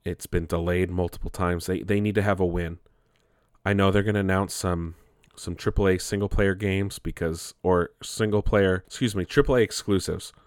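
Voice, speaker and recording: A man's voice: deep voice, steady tone, moderate pace, no room sound, clean studio sound. A man giving casual, rambling commentary, often restarting his sentences and swearing offhand. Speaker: gaming commentator.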